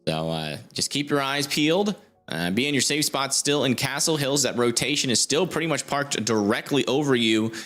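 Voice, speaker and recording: Young man, live weather stream host, casual, filler-heavy, mid pitch, faint background music. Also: expressive, normal speed, fairly bright tone. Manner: informal, thinks aloud, many fillers. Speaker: storm chaser livestream host.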